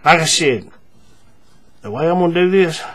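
Speaking at normal speed in a voice on the high side, a man guides viewers through paracord crafting step by step. He's relaxed, narrating each move and often using fillers and repeating himself.

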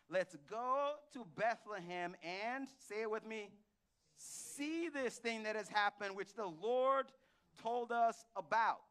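A man preaching a casual, animated sermon to a church congregation, telling stories and acting out bits of dialogue. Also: fairly high pitch. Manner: animated, storytelling with acted-out dialogue and audience questions. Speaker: pastor. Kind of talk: conversational sermon. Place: church hall.

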